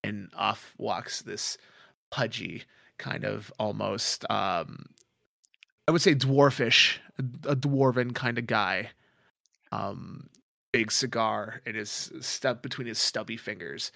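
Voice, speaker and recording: A man game master narrating a tabletop role-playing game in a casual way, pausing often to search for words. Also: fairly low pitch, vocal fry, bright, forceful tone, no room sound, studio quality.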